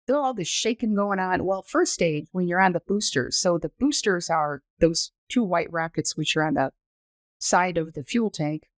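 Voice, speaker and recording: A woman in her sixties, a former astronaut guest on a podcast, telling her story in a detailed, measured, explanatory way. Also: lowish voice, animated, no echo. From United States. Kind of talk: conversational storytelling interview.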